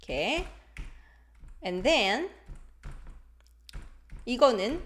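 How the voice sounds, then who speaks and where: A woman's voice: medium pitch, sing-song, slow, long pauses, a bit bright. A woman whose first language is Korean, teaching a live online language lesson, switching between English and Korean, playful, reading out viewer comments.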